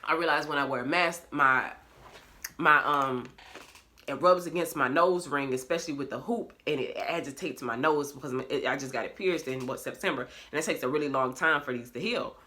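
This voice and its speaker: A woman's voice: deep voice, a little fast, bright, forceful tone. A young woman, talking candidly in a casual confessional vlog, swearing freely and laughing often. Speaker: vlogger. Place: bedroom at home.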